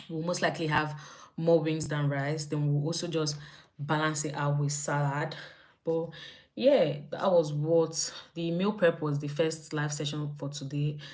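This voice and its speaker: A young woman with a Nigerian accent chatting casually on a live stream, animated and acting out her own reactions. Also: sits low. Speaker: lifestyle livestreamer.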